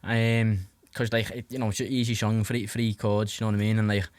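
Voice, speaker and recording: Young Scouse man, podcast guest, low-ish voice, dry close sound, rambling casual storyteller. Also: level tone, brisk, no room sound. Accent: Liverpool (Scouse). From Liverpool, England. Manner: rambling, heavy fillers and restarts, swears freely.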